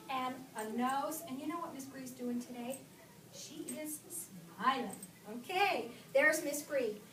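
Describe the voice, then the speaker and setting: A woman teaching a class of young children, reading aloud slowly and leading the lesson in an animated, sing-song way, recorded in a classroom. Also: sits high. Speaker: kindergarten teacher. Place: classroom, indoors. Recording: roomy classroom from a distant camera.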